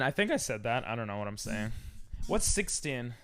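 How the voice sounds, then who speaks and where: A young man streaming a game, chatting casually with viewers and yelping loudly when he loses. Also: mid-range voice, sing-song, moderate pace, smooth, no room sound, studio quality. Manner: rambling, loud yelps when dying in game. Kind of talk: casual live-stream chat while gaming.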